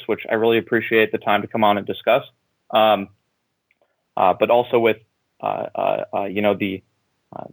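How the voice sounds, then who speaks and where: A man calling in to a show, telling a story in an animated way, repeating words and acting out what people said. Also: fairly low pitch, creaky, no echo, low-quality recording. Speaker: caller. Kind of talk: casual phone-in conversation.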